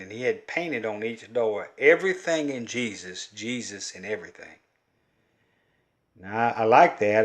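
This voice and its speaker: Folksy Southern man, drawling storyteller. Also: mid-range voice. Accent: Southern US, Kentucky and Louisiana. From Kentucky and Louisiana. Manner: homespun storytelling, drawling and earnest. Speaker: folk-art vlogger and collector. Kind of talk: rambling folksy monologue to camera.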